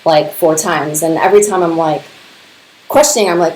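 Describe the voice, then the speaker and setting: A woman podcast host from a Serbian family casually tells personal stories, chatty, laughing often and saying "like" constantly. Her voice sits low and moves fairly quickly, in an echoey room with slight background noise.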